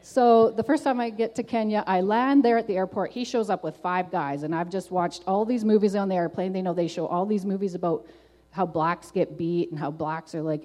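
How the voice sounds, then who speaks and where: A woman's voice: medium pitch, dark tone. A middle-aged woman telling her personal faith testimony in an earnest, conversational way, often saying "like" and "um". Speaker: testimony speaker.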